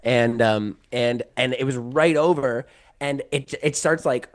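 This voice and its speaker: A man chatting as a podcast guest, spinning a long anecdote with a steady mid-range voice. He rambles, fills every gap with "like" and keeps restarting his sentences. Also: mid-range voice, measured pace. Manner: rambling, heavy use of "like", many restarts. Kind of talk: casual storytelling.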